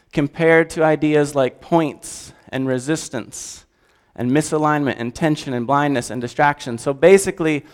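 A man preaching a sermon in a conversational, animated way and asking the audience questions. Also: medium pitch, clean tone. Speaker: pastor. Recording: long hall reverb.

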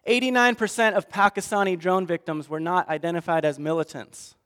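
A man preaching a sermon, swinging between hushed asides and fired-up outbursts. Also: high voice, fairly even intonation, brisk, smooth, big-room sound. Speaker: pastor.

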